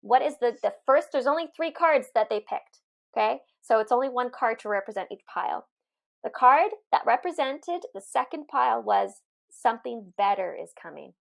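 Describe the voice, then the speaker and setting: A woman's voice: a little high, normal speed. A woman co-hosting a spiritual podcast, chatting casually and laughing easily. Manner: animated, gravelly, laughs easily. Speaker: podcast co-host, medium. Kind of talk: casual chat.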